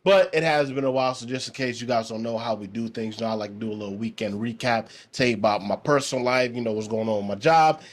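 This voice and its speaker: A man's voice: mid-range voice, fast talker, hardly any pauses. A man hosting his own podcast in a casual, rambling way, with many fillers and restarts. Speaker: podcast host.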